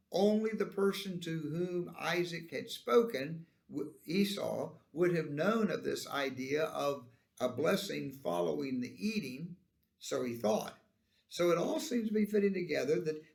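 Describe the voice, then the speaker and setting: A man's voice: fairly high pitch, creaky. A man teaching a Sunday school Bible lesson, explaining the verses and reading them out with emphasis.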